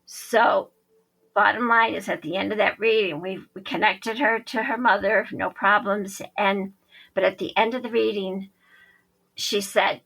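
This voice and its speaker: A woman's voice: medium pitch, steady tone, unhurried, vocal fry, fairly bright tone, poor audio. A woman psychic medium, a podcast guest, telling a story animatedly and acting out the quoted dialogue.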